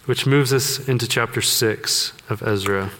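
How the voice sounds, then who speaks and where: A man's voice: mid-range voice, measured pace, pushed and bright. A man preaching a sermon, conversational and joking with the congregation. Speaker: pastor. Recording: long hall reverb.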